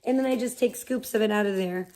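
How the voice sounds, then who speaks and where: A woman's voice: mid-range voice, fast talker, warm tone. A woman live streamer chatting casually, rambling and swearing as she rants in exasperation. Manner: rambling, profane, exasperated ranting. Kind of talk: casual chat.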